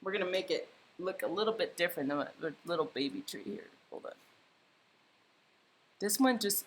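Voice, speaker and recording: A woman hosting a live painting stream from home, chatting casually, reading viewer comments aloud and thinking out loud as she paints. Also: lowish voice, expressive, moderate pace, pauses often, slight background noise. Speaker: livestream painting host. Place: home, indoors.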